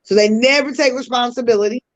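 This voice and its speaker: A woman's voice: on the high side, quick pace, poor audio. A woman hosting a podcast, explaining communication styles in a teaching tone with casual slang asides. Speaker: podcast host.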